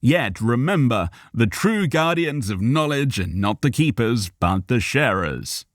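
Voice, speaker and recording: Male scholar barbarian, grandiloquent, verbose, patient, lively pitch, man voicing. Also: unhurried, no echo, studio quality. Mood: grand. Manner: grandiloquent, long words, patient.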